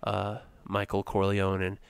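Smooth-voiced casual podcast man. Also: low voice, completely flat delivery, a little slow, dry recording. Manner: rambling with many fillers and restarts. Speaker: podcast co-host. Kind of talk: casual chat.

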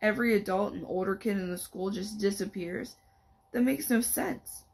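A woman's voice: mid-range voice, normal speed, vocal fry, a little mellow, slightly rough, low-quality recording. A woman reading the lines of a young teen surfer boy, slangy and agitated.

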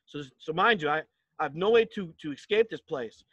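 A young man from New Jersey tells campers a personal story, high-pitched and bright. He acts out the dialogue and drops low for asides. The sound is close and dry. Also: expressive, brisk, husky, dry recording, dull audio. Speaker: camp speaker. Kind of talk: storytelling talk.

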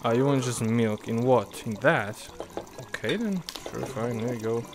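A man's voice: mid-range voice, a little slow, background noise. A man playing a bar-serving game and chatting casually, exclaiming, swearing and putting on a mock-polite tone for customers. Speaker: gaming YouTuber. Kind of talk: casual gameplay commentary.

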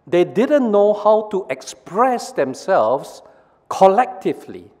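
A male pastor, praying and preaching in a slow, measured, storytelling delivery with a fairly high, lively voice. It rings with the long reverb of a worship hall. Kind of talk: sermon with prayer.

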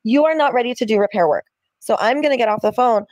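A woman setting boundaries over the phone in a firm, measured, lecturing tone. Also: a little high, darkish tone, no echo, studio quality. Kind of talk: calm therapy-speak argument.

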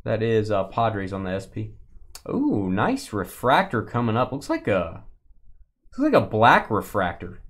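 A man's voice: fairly low pitch, measured pace. A man hosting a live card break stream, chatting casually with viewers and teasing them as he opens packs. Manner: chatty, playful teasing, lively.

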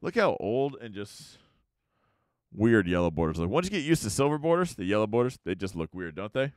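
American male host, low voice, animated delivery, casual unboxing chatter. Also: fairly quick, no echo, studio quality. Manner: chatty, lively, muttering card names while opening packs. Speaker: YouTube card-opening host. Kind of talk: casual pack-opening commentary.

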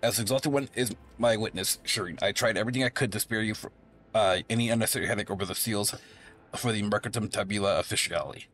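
A scheming trader talks in flowery, wheedling lines, as a man reads them aloud. The voice is low, with faint hiss behind it. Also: fast, a bit bright, natural voice. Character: smooth-talking scheming woman trader.

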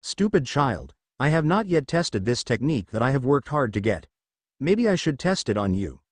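Reading a story aloud, a man voices a cruel, sneering ninja who is the cold older brother, pitching him lower and quieter than his narration. The delivery swings widely in pitch at a moderate pace. There's no room sound.

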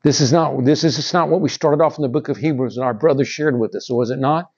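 A middle-aged man preaching a sermon in a church, with animated rises and drops and calls to the congregation. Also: mid-range voice, brisk, breathy edge. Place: church sanctuary. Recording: dull lo-fi sound.

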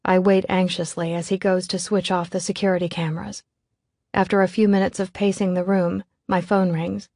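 A woman's voice: lowish voice, flat delivery, moderate pace, a little mellow, no echo, studio quality. A woman reading a novel aloud in scripted first-person narration, in a tense, controlled way. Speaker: audiobook narrator.

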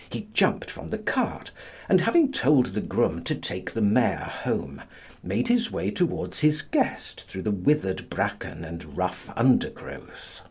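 A man narrating a classic novel as an audiobook in a dramatic, expressive manner. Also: lowish voice, gravelly, breathy edge.

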